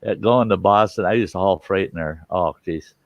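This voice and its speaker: A man's voice: low-pitched, normal speed, dry recording. A man hosting a casual chat in a folksy way, laughing often. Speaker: host. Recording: dry, dull lo-fi sound.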